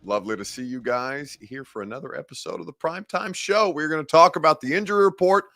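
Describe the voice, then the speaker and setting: A man's voice: fairly high pitch, quick pace, fairly bright tone, dry recording, soft background music. A man hosting a live sports talk show from a studio, chatting casually and answering viewer comments with wry humor.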